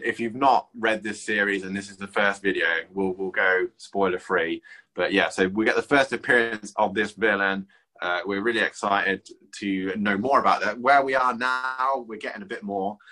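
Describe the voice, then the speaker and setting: A man's voice: on the low side, rough recording. A man casually walking through a comic book plot on a podcast, with frequent ums and read-out lines. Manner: relaxed, summarizing with filler ums.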